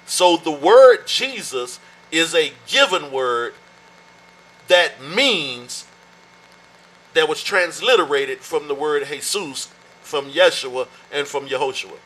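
Brief: male preacher, slightly high, bright and forceful, teaching sermon with slow emphatic stretches. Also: expressive, rough recording.

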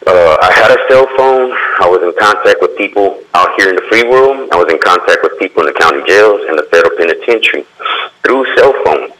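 A man sharing an earnest, emotional personal testimony in conversation, halting and restarting as he speaks. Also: sits low, lively intonation, fairly bright tone, rough recording.

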